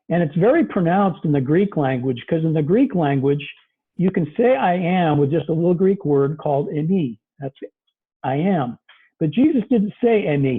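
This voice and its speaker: Pastor preaching over a tinny line. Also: male voice, on the high side, breathy edge. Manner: conversational, with fillers. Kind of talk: sermon. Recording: tinny phone-like recording.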